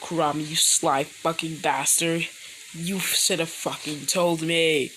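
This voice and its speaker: A woman voicing a young, devoted male ninja hero, talking low and soft, with food sizzling in a pan behind her. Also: steady tone, slow, a little hiss or hum, rough recording. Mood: angry.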